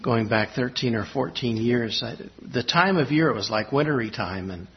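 Male preacher, mid-pitched, halting and reflective, muffled lo-fi recording. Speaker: pastor. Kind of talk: sermon with personal storytelling. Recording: slightly dull lo-fi recording.

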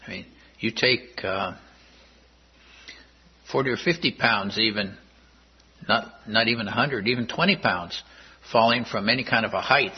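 Husky-voiced man preaching verse by verse. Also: mid-range voice, muffled recording. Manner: measured Bible exposition, reads verses slowly. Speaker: pastor. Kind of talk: sermon.

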